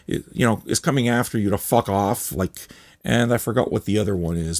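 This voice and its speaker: A man hosting a record review show, chatting casually in an excitable, rambling way with frequent swearing. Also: lowish voice, no echo.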